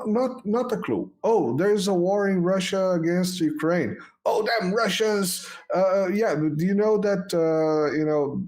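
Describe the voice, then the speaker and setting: Man, fairly high voice, sarcastic host, acts out imagined arguments, casual talk. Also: a little mellow.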